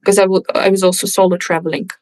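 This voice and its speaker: A woman's voice: medium pitch, fast talker, no echo, rough recording. Chatty woman, Russian native, dry sound. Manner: chatty, restarts often, lively storytelling. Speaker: podcast guest, English teacher. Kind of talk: casual conversation.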